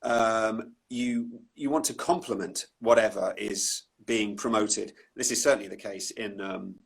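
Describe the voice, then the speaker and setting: A man's voice: on the low side, measured pace, vocal fry, husky. A man who works as a voice-over artist, talking thoughtfully with a self-deprecating edge and frequent restarts during an online interview. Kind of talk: relaxed conversational interview. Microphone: online live video call.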